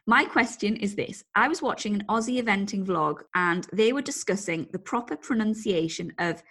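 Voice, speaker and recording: Animated, husky woman podcast host. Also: medium pitch, moderate pace. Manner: laughs often, animated storytelling. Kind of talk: casual chat.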